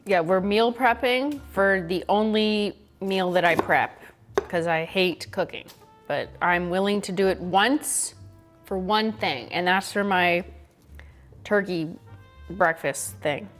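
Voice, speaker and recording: A woman's voice: mid-range voice, slow pace, over music. A woman hosting a casual cooking livestream, chatty and giggly, swearing offhandedly as she chops vegetables. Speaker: livestream host.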